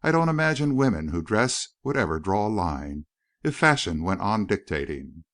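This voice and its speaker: A man reading the part of a poised, sharp-tongued young society woman, voice lifted a little higher. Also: big pitch swings, normal speed.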